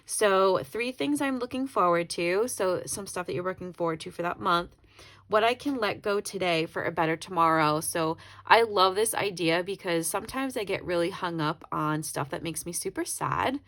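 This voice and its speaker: In a casual planner flip-through, a YouTuber rambles, self-corrects, and tears up for a moment. Her voice sits on the low side, a bit bright, delivered at normal speed.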